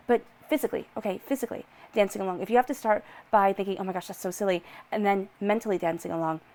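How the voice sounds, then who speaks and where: A woman's voice: medium pitch, darkish tone. A woman giving a personal tarot reading in a soothing, reassuring way. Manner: soothing, reassuring, drawn-out repetitions. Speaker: tarot reader.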